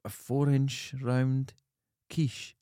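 A man co-hosting a podcast, defending his odd food habits in casual banter with a deadpan manner. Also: medium pitch, extremely slow, clean tone, dry recording, studio quality. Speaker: podcast co-host.

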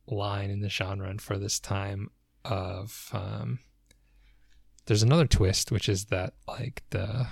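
Low, gravelly man musing over a book. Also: a little mellow, dry recording, clean studio sound. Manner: thoughtful, hedging, searching for words. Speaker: podcast co-host. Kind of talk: casual book discussion.

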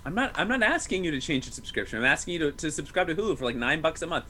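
A man in his thirties co-hosting a casual movie podcast, joking and restarting his sentences often. His voice is bright and slightly high, and it rises and falls constantly. A faint noise hums underneath. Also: racing. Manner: jokey, animated, self-interrupting. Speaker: podcast co-host. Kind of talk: casual movie-review chat.

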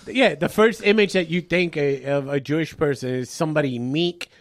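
A man co-hosting a casual podcast, joking around and quick to throw in impressions. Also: fairly high pitch, no room sound, clean studio sound. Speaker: podcast co-host.

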